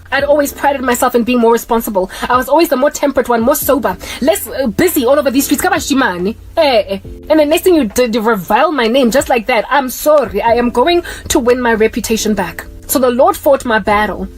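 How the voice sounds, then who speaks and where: A woman delivering an impassioned religious monologue in an emphatic, preachy way. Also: on the high side. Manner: emphatic, preachy, rapid-fire talk. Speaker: Christian vlogger.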